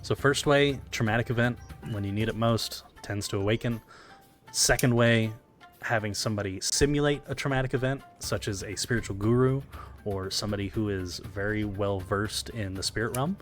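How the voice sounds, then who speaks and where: A man with a fairly low voice runs a tabletop role-playing game, walking the players through the rules and narrating the scenes in a relaxed, explanatory way. Music plays clearly behind him throughout. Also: normal speed. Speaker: game master.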